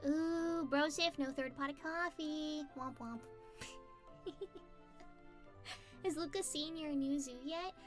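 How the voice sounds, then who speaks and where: Bubbly, high-voiced woman streamer. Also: fairly even intonation, measured pace, long pauses. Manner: bubbly and giggly, chatty with fillers. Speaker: streamer chatting with viewers. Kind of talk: casual livestream chat, reading chat. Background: faint background music.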